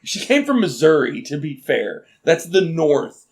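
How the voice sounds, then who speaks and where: A man from Arkansas with a Southern accent, co-hosting a casual podcast chat, animated and laughing often. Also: fairly high pitch, unhurried. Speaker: podcast co-host.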